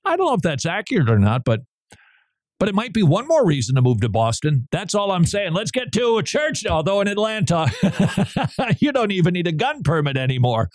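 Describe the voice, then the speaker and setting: Lively, chatty male radio host. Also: sits high, brisk, no room sound, studio quality. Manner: chatty and digressive, laughs between remarks. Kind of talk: casual on-air banter.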